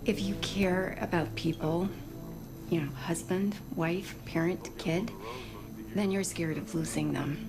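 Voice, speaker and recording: An actress playing a blunt, hard-edged sheriff who speaks in a dry, cutting way. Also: female voice, on the low side, fairly even intonation, unhurried, vocal fry, over music.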